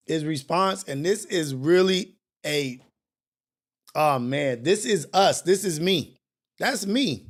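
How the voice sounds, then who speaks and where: Animated man preaching casual commentary. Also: on the high side, takes it slowly. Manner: animated, preachy and confessional, with slang and cursing. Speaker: morning show host.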